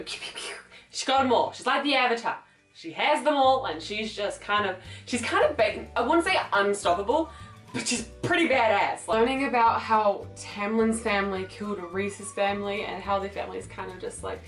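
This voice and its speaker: A young woman vlogger giving a casual, animated and profane book review, rambling with lots of fillers. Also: mid-range voice. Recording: echoey room, somewhat far from mic, faint music.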